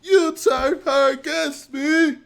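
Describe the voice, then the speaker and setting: A man voicing a gruff older male rebel warlord who cries out in anguish, strained and shouting. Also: very high voice, slow, pitched above the performer's own voice, full character voice.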